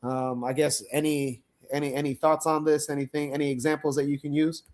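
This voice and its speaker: A man hosting a livestream panel chat, animated and laughing often, acting out quoted lines. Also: a little high, brisk. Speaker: podcast host.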